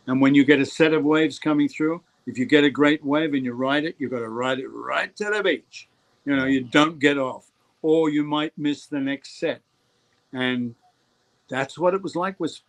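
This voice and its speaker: Older man telling lively stories. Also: medium pitch. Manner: animated storyteller who acts out quoted voices. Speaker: guest actor. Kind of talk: anecdotal interview storytelling.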